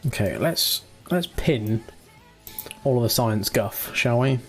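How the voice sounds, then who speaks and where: A relaxed man casually commentating his own space game, chatty with mild swearing, into a desk mic at his computer. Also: medium pitch, slow pace, faint music behind. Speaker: gaming channel host.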